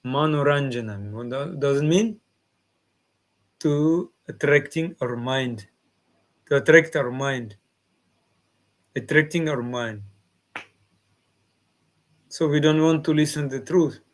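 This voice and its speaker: Slow, high-voiced man teaching a devotional class. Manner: slow, simple non-native phrasing, acts out devotees' replies. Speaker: spiritual teacher.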